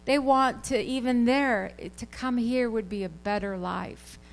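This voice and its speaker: A woman's voice: fairly high pitch, fairly even intonation, measured pace, low-quality recording. A woman in a church service giving an earnest, conversational testimony about a trip abroad. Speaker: church member giving a report.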